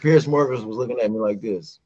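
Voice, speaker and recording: A middle-aged man from West Virginia, a guest singer telling a lively casual story and acting out the voices of people in it. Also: lowish voice, a little fast, lo-fi sound.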